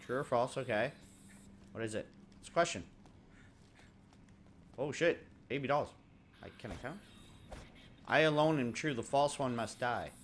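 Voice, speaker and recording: A man's voice: medium pitch, unhurried, long pauses, slight background noise. A young man giving casual, joking let's-play commentary, laughing often and mimicking characters. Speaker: gaming commentator.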